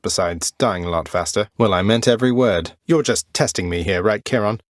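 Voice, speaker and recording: An actor playing a wry, good-natured young prince of the underworld, with a dry, polite manner in game voice lines. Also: male voice, fairly low pitch, a little fast, no room sound, close to an everyday voice. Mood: joking. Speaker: video game protagonist. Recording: dry studio recording.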